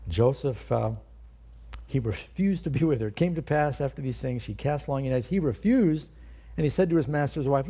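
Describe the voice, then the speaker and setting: A man's voice: medium pitch, expressive, normal speed, warm tone. An older man, a pastor, teaching a sermon in a conversational way and asking his listeners questions.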